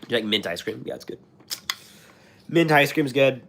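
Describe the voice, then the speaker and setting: A young American man, sick with a sore and scratchy throat, hosts a live stream and chats about viewer comments. His medium-pitched voice is expressive and a bit bright at normal speed, and he rambles with many fillers and restarts.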